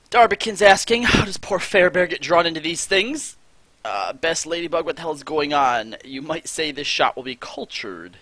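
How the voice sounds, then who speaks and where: A man's voice: medium pitch, lively intonation, normal speed, pushed and bright, no room sound. A man live streaming, reading viewer chat aloud with dry, exasperated asides.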